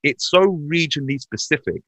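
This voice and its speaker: A man's voice: brisk, no echo, rough recording. A man, a podcast guest telling comedic stories in casual chat. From Hounslow, West London. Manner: animated, swings in pitch while telling anecdotes. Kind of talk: lively storytelling chat.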